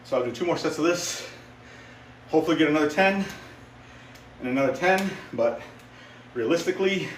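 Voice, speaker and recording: A man's voice: on the high side, animated, brisk, long pauses, a little hiss or hum. Chatty man in his fifties, echoey gym. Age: 50s. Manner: chatty, upbeat, talks to viewers between sets. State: out of breath after sets. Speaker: fitness streamer. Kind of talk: casual live-stream chat while lifting.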